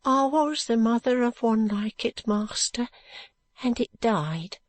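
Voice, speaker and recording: A woman voicing a poor, weary brickmaker's wife who speaks softly and sorrowfully in an audiobook. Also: a little high, lively intonation, slow, no room sound, voice pushed up. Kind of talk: audiobook narration.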